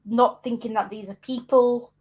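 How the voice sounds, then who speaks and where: A woman's voice: fairly high pitch, fairly even intonation, normal speed, darkish tone, highs cut off. A woman co-hosting a casual chat, frankly commenting on history with wry, emphatic asides. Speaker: co-host.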